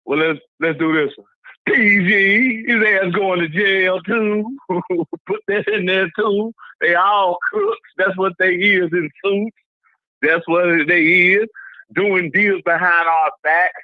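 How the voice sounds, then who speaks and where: A high-pitched man calling in to a talk show. He speaks passionately, repeating his points as if preaching. His voice comes through a dull, lo-fi phone line with little room sound. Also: takes it slowly, no room sound. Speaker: caller. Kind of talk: casual call-in rant.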